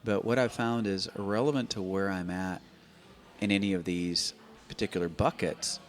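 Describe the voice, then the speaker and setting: A man in his fifties, a podcast guest, telling stories in an animated way, often repeating and restarting words. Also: low-pitched, moderate pace. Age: 50s. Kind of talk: conversational storytelling. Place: open-air bike and coffee shop in a garage.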